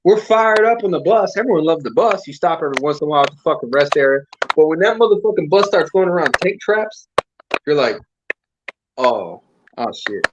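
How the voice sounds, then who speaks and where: A man, an army veteran, telling war stories to old comrades in a casual, profane, animated way. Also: fairly high pitch, fast talker, background noise. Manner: profane, animated storytelling with acted quotes.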